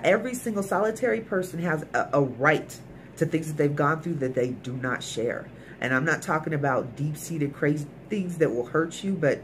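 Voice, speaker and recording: A woman's voice: low voice, a little hiss or hum. A woman recapping a TV episode in a casual, emphatic way, talking straight to her viewers. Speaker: TV episode reviewer.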